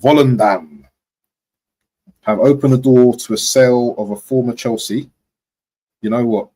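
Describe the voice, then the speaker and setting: A man's voice: mid-range voice, steady tone, a little slow, warm tone, low-quality recording. A young man chatting casually about football transfers on a live stream, rambling and slangy. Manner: rambling slangy, frequent "do you know what". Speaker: football vlogger.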